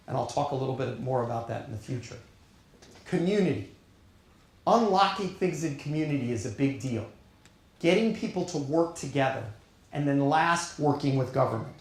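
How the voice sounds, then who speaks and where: A middle-aged man with a New York accent giving an earnest, emphatic keynote speech at a conference, pausing deliberately for weight. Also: a little high. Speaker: keynote speaker. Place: conference hall on stage. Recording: echoey conference hall.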